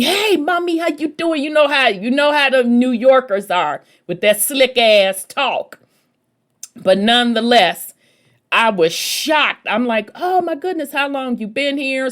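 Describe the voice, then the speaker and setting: A woman hosting a podcast, telling a story in a chatty, folksy way and calling her listeners baby and y'all. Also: on the low side. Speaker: podcast host. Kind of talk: casual storytelling talk.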